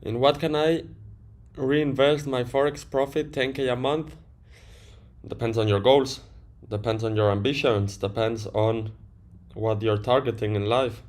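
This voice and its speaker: A man's voice: mid-range voice, fairly even intonation, a little slow, darkish tone. Blunt, casual livestreaming man. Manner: blunt, swears casually, answers chat directly. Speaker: livestream trader. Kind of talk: casual livestream chat reading viewer comments.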